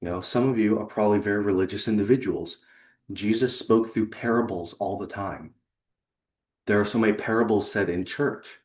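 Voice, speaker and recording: Earnest man presenting, low voice. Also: darkish tone, reverberant. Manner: earnest and conversational, with pauses for effect. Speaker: leadership consultant and presenter. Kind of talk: presentation to a remote audience.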